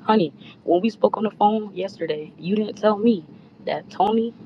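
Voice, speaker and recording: A woman talking low on a phone call from an airplane, pressing her point and cutting others off. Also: normal speed. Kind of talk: heated phone call argument. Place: airplane cabin. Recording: muffled phone audio with faint hum.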